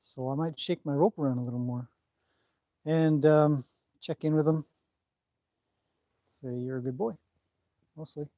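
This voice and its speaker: A man's voice: fairly high pitch, fairly even intonation, unhurried, long pauses, dark tone, dry recording. A man who trains horses, chatting casually through a livestream, rambling and breaking off to talk to his horse.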